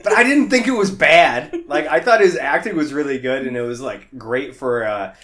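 Here a man co-hosting a podcast discusses a film informally, laughing, going off on tangents and using lots of fillers. He sounds expressive and a bit bright, at medium pitch and normal speed.

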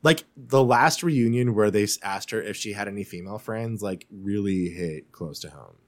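A man co-hosting a podcast, chatting casually and retelling scenes with quick, animated asides. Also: on the low side. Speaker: podcast co-host. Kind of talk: casual chat recapping a TV show.

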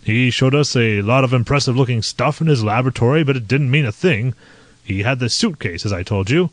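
A man's voice: mid-range voice, brisk, dry recording, lightly acted. A man voicing a jovial, dismissive male army colonel who talks in a breezy, offhand way.

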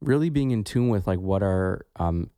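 Man, podcast co-host, reflective casual talk, deep voice, dry close sound. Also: lively intonation, moderate pace, warm tone, smooth, no echo. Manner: reflective, many "like" fillers.

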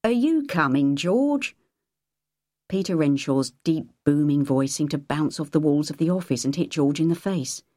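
A woman narrating an audiobook in a measured, even storytelling manner. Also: deep voice, no echo, studio quality.

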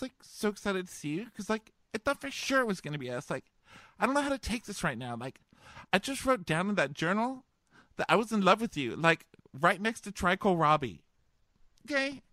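A man's voice: high-pitched, big pitch swings, brisk, pushed and bright, dry recording, voice pushed up, exaggerated voice. A man voicing a heartbroken young woman on a dating show, rambling with constant fillers. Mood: flustered. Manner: rambling, filler-heavy valley-girl whine.

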